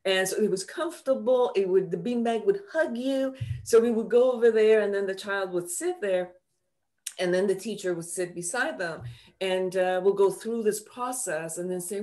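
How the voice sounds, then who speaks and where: Woman, psychotherapist guest, animated, explaining, acts out dialogue. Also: mid-range voice, normal speed. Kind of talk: explaining in conversation.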